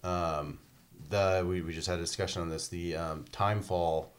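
A man's voice: deep voice, steady tone, moderate pace. A man in casual chat about a video game, rambling and swearing freely, acting out quotes as he goes.

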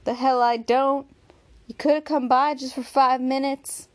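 A woman voicing a jealous young woman in a spoken audiobook, accusing and sharp in her manner. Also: high voice, steady tone, a little slow, voice pushed up. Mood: angry.

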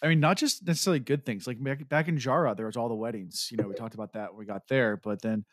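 A man's voice: mid-range voice, fast talker, dry recording, clean studio sound. A man co-hosting a podcast, chatting in a loose, rambling way with lots of fillers. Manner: rambling, full of "like" and "um". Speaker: podcast co-host. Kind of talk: casual chat.

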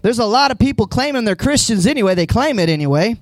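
A man's voice: very high voice, expressive, fast, no room sound. A man preaching a conversational sermon as a pastor in a church, retelling scenes with voices and rising to emphatic points. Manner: rises to emphatic, raised-voice points.

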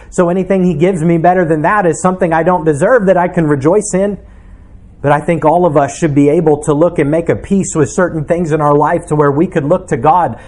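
A man's voice: fairly high pitch, a little mellow. A man, a pastor, preaching a sermon in an earnest, reflective way, asking his listeners questions.

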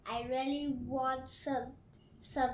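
Young woman, slow talker, kinda high voice, halting and keeps restarting. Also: flat delivery, echoey room. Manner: hesitant, halting, restarts sentences. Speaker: podcast co-host. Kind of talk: casual chat.

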